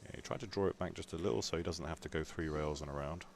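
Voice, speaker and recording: A man commentating a pool match in a relaxed, analytical way. His voice sits very low. A faint background hum runs under the commentary. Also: rapid-fire, creaky. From Scotland. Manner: chatty, analytical, jokes around. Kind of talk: live sports commentary.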